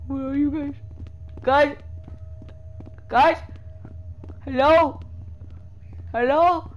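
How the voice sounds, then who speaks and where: A male player in casual multiplayer voice chat, shouting panicky calls to his teammates. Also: very high-pitched, fairly even intonation, extremely slow, rough recording. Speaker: game player.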